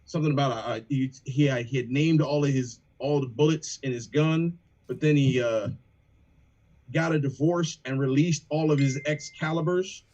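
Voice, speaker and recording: A man, a rapper in a band, chatting casually on a livestream, animated and profane as he breaks down lyrics. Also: mid-range voice, normal speed, muffled recording.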